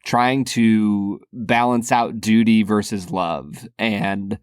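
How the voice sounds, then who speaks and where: A man's voice: on the low side, fairly even intonation, takes it slowly, clear, resonant tone, dry recording, clean studio sound. A man co-hosting a podcast, talking casually and thoughtfully about a film and laughing often. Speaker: podcast co-host.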